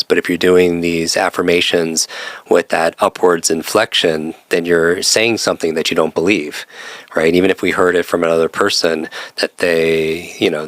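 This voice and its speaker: Deep-voiced male podcast host. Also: fairly bright tone, no room sound. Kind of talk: interview conversation.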